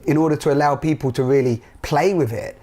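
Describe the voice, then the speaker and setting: A man's voice: a little high, fairly quick, dark tone. A man hosting a casual spiritual conversation, speaking earnestly and rambling with frequent restarts. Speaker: talk show host.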